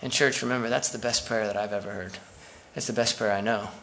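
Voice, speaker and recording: A man's voice: lowish voice, steady tone, fast talker, vocal fry, a bit bright, a little hiss or hum. A man preaching a sermon as pastor, conversational and full of asides to the congregation.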